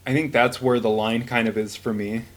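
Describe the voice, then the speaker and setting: Man in his thirties, podcast co-host, mid-pitched, rambling and profane, acts out voices in anecdotes. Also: fairly even intonation, fairly quick. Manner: rambling and casual, swears a lot, acts out voices in stories. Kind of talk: casual chat.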